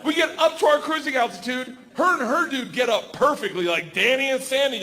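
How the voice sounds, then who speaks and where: Loud high-pitched man doing stand-up. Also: normal speed, hardly any pauses. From United States. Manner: loud, animated, acts out characters. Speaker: stand-up comedian. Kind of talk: stand-up storytelling. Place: comedy club stage. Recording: live club set with crowd noise. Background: laughing crowd.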